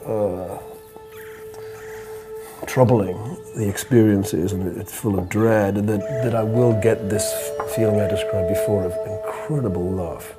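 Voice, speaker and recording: Over background music, an interview guest recounts a reflective story in halting fashion, his lowish voice fairly even in intonation. He repeats words frequently and lets out soft laughs.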